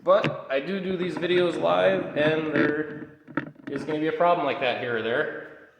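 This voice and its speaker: A man's voice: a little high, steady tone, unhurried, creaky, background noise. A man explaining dog training in a casual how-to video, giving short commands between explanations. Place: garage. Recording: echoey garage from far off.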